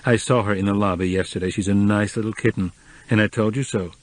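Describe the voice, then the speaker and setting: A man as a patient, formal gentleman. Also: lowish voice, steady tone, quick pace, no room sound, lightly acted. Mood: restrained. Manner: formal, restrained. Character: patient, reserved middle-aged man, cool then kind.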